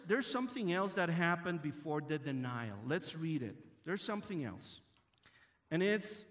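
A man teaching from the Bible, reading each passage slowly and deliberately. His voice sits somewhat high for a man. Between readings he breaks into short, emphatic remarks. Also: a bit bright.

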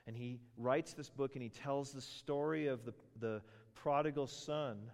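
A middle-aged man preaching a sermon, telling stories with animated asides and funny voices for characters. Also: medium pitch, a little slow, few pauses. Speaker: pastor. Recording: long reverb of a large hall.

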